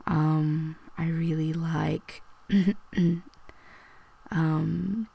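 A young woman chats in a soft-spoken, unhurried way, her sick voice heavily gravelly and husky. She rambles through questions, hesitating often and slipping into whispers. Her voice sits a touch low. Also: steady tone. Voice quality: rambling, hesitant, with many ums. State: sick, hoarse. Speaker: video host.

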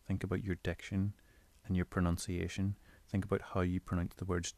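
Low gravelly guy chatting tips from his bedroom, kinda flat and rambly. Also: a little fast, hardly any pauses, dry recording. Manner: relaxed, rambling explanation with filler phrases. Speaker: audio creator giving tips. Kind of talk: casual instructional talk.

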